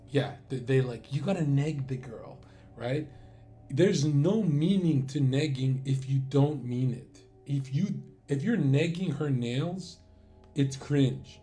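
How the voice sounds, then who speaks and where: Guy rambling crude and casual, mid pitch, relaxed dark voice. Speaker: streamer. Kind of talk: casual monologue.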